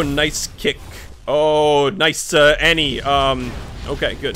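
A man giving live commentary over his own gameplay, swinging between muttering and yelling, swearing and laughing as things go wrong. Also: a little high, fairly even intonation, slow pace, slight background noise. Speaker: gaming YouTuber.

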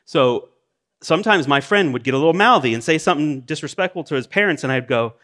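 Animated preaching man with lively pitch. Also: quick pace. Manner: animated preaching, swinging from loud high exclamations to low quiet asides; reads scripture aloud, then explains it in plain conversational asides. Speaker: pastor. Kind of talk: sermon.

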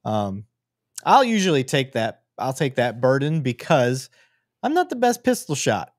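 Easygoing veteran cop co-host. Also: male voice, mid-range voice, very animated, measured pace, no echo, studio quality. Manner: easygoing, agreeable, explains tactics, laughs often. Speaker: podcast host and veteran officer. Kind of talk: casual live commentary on body camera footage.

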